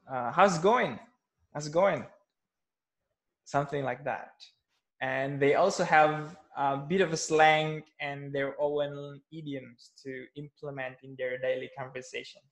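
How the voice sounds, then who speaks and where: A male English teacher with an Indonesian accent speaks at an unhurried pace, his mid-pitched voice carrying a gravelly, fry-laden edge. He talks haltingly, stopping and restarting with plenty of fillers as he explains things to learners. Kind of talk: casual spoken English lesson.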